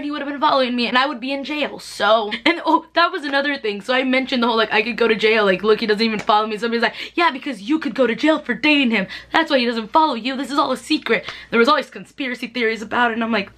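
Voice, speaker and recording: A young woman rattles off storytime anecdotes at a brisk clip. Her voice sits a little high, and her talk is loose, giggly and full of filler words. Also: fairly bright tone. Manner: chatty, laughs often, heavy filler "like". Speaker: vlogger. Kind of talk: casual storytime vlog.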